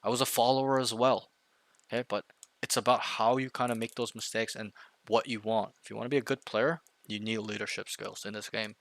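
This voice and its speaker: A man's voice: fairly low pitch, no room sound. A man coaching a student one-on-one over voice chat, emphatic and often checking in with 'right?'. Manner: emphatic, often checks in with 'right?', acts out loud team callouts. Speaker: game coach.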